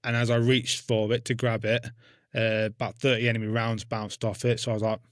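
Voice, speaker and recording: A man's voice: mid-range voice, flat delivery, brisk, no echo, studio quality. A man and army veteran telling a war story on a podcast in a blunt, casual way, swearing constantly and acting out what he said back then. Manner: blunt, heavy swearing, acts out his own past words.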